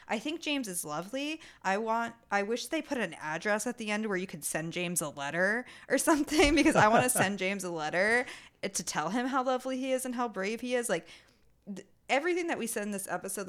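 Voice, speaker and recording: Ranting female podcast co-host. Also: mid-range voice. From Italian heritage. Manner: heated ranting, fast and animated. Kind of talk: casual podcast chat.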